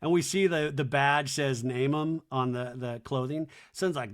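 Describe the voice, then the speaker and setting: A man's voice: a little high, normal speed, few pauses. A man hosting a podcast, giving a wry, chatty recap of a reality show. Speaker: podcast host.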